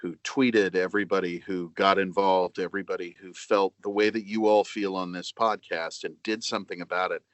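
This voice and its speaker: A middle-aged man being interviewed as a guest voice actor, speaking in a measured, earnest way with many fillers and restarts. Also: deep voice, level tone, no echo. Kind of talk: casual interview.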